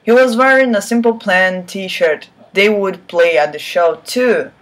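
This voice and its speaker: A woman reads a badly written story aloud at an unhurried, drawn-out pace, then stops to mock it. Her asides are sarcastic and she swears at the text, while her voice sits at a middling pitch. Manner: sarcastic asides between read lines. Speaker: reader of fan fiction. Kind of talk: mocking dramatic reading.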